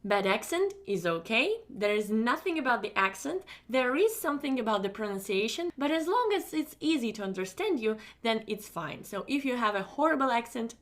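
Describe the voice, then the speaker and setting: Upbeat, high-pitched woman teaching a lesson. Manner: emphatic, repeats reassurances, lively pitch jumps on key words. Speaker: online English test-prep teacher. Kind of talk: recorded lesson, explaining to students.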